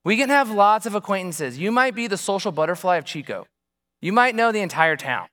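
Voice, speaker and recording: A man's voice: high voice, lively intonation, brisk, pushed and bright. A man preaching as a pastor, telling a personal story in a conversational way and asking the congregation rhetorical questions. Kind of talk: sermon.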